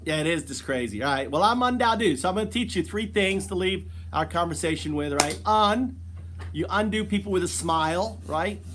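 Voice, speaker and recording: A man's voice: high-pitched, animated, a little fast, background noise. A man hosting a casual live stream, chatting with strangers in a playful, teasing way and laughing often.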